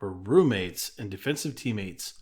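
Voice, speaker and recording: A man's voice: lowish voice, animated, a little mellow. Laughing male wrestling podcast host. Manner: reads promos and notes briskly, laughs often. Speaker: podcast co-host reading the segment notes. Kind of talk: casual podcast chat with read-out bio notes.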